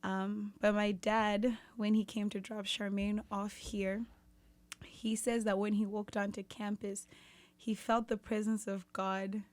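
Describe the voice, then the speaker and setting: A woman's voice: mid-range voice, little pitch movement, a little slow, no room sound. A young woman with a Zimbabwean accent, a cheerful, giggly guest chatting in an interview. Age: young adult. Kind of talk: casual interview chat.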